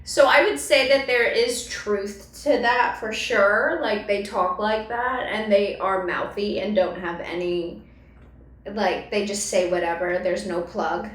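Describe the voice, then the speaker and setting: A woman's voice: mid-range voice, fairly even intonation, unhurried, roomy sound, recorded from a distance, rough recording. A woman from the US East Coast co-hosting a comedy podcast, giving frank, judgmental opinions in casual chat. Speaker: podcast co-host.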